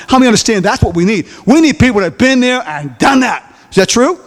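Man, preacher, very high voice, call-and-response sermon, acts out voices, shouts at peaks, long church-hall echo. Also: lively intonation, quick pace.

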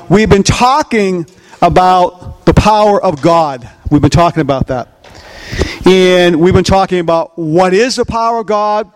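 A pastor preaching a sermon, asking his listeners questions and repeating key phrases. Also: high-pitched. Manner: asks the crowd rhetorical questions, heavy repetition. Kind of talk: sermon, discipleship teaching.

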